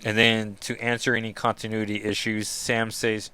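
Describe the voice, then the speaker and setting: A man's voice: lowish voice, flat delivery, normal speed, sharp tone, clean tone. A man hosting a casual comic book read-along, with joking asides. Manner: chatty, joking asides with laughs. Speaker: comic book reader and podcast host.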